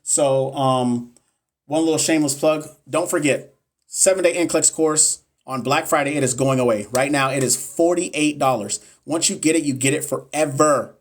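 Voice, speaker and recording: A young male nurse educator on a casual live stream answers viewers bluntly, swearing and repeating himself for emphasis. His voice is fairly high and moderately paced.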